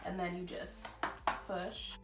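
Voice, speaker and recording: A woman vlogging from her bedroom, chatting casually and excitedly while she unboxes and sets up a ring light, with lots of "like" and "y'all". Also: fairly low pitch, slow, over music. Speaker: beauty vlogger. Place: bedroom at home. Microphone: phone or camera on a tripod.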